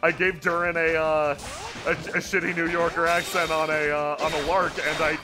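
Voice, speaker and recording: A man's voice: fairly high pitch, little pitch movement, moderate pace. A man giving casual, joking commentary while playing a game, breaking into mock-alarmed yelps, with game music behind him. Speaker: let's play commentator.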